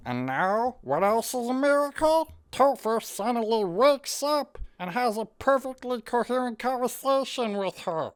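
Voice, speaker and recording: A woman's voice: fairly low pitch, fairly bright tone. A woman narrating a sarcastic, profane comedic movie review.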